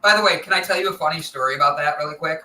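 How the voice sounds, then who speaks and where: A man guesting on a live show jokes with and teases the host, meandering through humorous stories. His slightly high voice races along, bright and forceful, captured from a distance with roomy echo.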